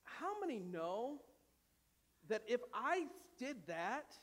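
A male pastor with a notably high voice preaches in a church. His delivery swings from loud, urgent calls to hushed, conversational asides. A long reverb from the hall trails his words. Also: very animated, slow pace. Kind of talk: sermon. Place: church sanctuary.

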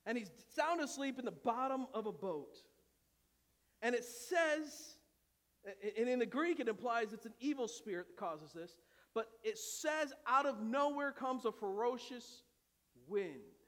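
A male pastor preaching a dramatic sermon, dropping to a hush and rising to shouts, with humorous asides. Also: extremely high pitch, animated, a little slow. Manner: dramatic, swings from hushed to shouting. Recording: long hall reverb.

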